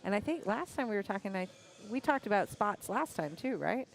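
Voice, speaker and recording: A co-commentator at a pool match who talks in a lively, casual way and laughs a lot. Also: medium pitch, brisk, creaky. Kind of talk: casual live sports commentary.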